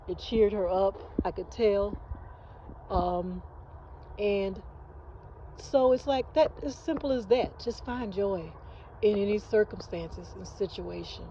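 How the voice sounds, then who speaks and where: A woman's voice: fairly low pitch, dark tone, dull audio, slight background noise. A woman in her fifties hosting her own channel, speaking earnestly in a rambling heartfelt vlog with many restarts, recorded at home on a phone. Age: 50s. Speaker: channel host. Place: at home early in the morning. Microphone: phone, face not shown.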